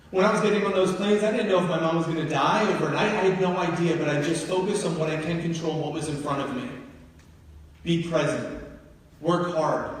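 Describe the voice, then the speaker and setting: A man's voice: fairly high pitch, slight background noise. Man telling stories to a hall. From New Jersey. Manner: emotional storytelling, questions to the audience. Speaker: motivational speaker. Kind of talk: live motivational speech. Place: large hall with an audience. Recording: echoey hall, from far off.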